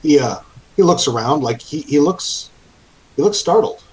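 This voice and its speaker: A man narrating as game master of a tabletop game, halting often with fillers and restarts. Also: fairly high pitch, animated, poor audio.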